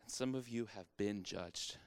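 A man's voice: fairly low pitch, normal speed, clear, resonant tone, dry recording. A male pastor preaching a sermon in a conversational way, repeating phrases for emphasis.

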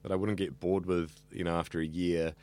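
A man's voice: low voice, level tone, brisk, a little mellow, no echo. A young man who studies radio and hosts an evening show, chatting earnestly in an interview with lots of fillers and restarts. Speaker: radio student and evening radio host. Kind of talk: casual interview chat.

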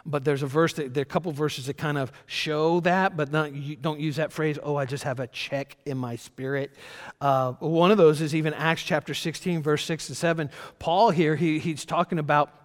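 Middle-aged pastor guy preaching, higher voice, stumbles and repeats words, whispers the God bits, big echoey hall. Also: steady tone, moderate pace, few pauses. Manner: shifts to soft whispers for God's voice. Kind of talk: sermon.

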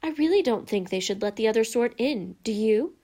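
A woman's voice: a little high, lively intonation, fairly quick, mellow. A woman reader voicing a snobbish pale boy who drawls and sneers. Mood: sneering.

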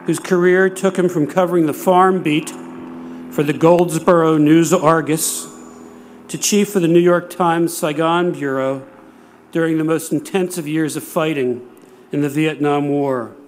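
A man in his sixties giving a prepared speech, telling stories in a measured way with dry humor. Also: fairly high pitch, slight background noise. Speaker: speaker.

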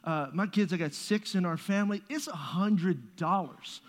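A man's voice: high voice, moderate pace. A man preaching a sermon as pastor, conversational and joking, with playful asides to the congregation. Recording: long reverb of a large hall.

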